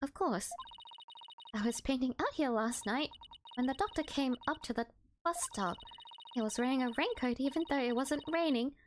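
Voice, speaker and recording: A woman reading the lines of a sweet, earnest young girl in a game, in a soft, polite manner. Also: high-pitched, expressive, moderate pace, a little hiss or hum, pitched above the performer's own voice. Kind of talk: reading game dialogue aloud.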